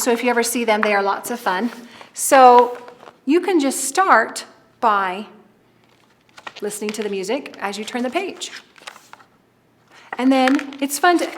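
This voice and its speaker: A high-voiced woman teacher with a lively, swooping delivery. She explains lessons plainly, then tells a story with big expression. She is an animated storyteller. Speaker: music teacher. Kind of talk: instructional narration and storytelling to preschoolers.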